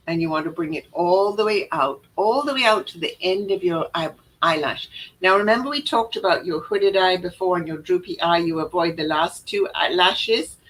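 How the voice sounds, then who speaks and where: In a live makeup lesson, an instructor demonstrates each step on camera, chatting away and frequently repeating or correcting herself. Her voice is lowish and a bit bright, captured in a low-quality recording.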